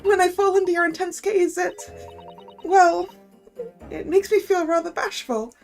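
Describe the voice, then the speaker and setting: A woman's voice: very high-pitched, steady tone, measured pace, a little mellow, soft background music, pitched above the performer's own voice. A woman voicing a smitten, bashful young woman in a video game, gushing and coy.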